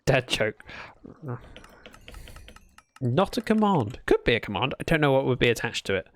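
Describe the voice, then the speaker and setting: A man's voice: medium pitch, very animated, normal speed, a bit bright. A man chatting casually while livestreaming a building game, playfully telling dad jokes to his chat.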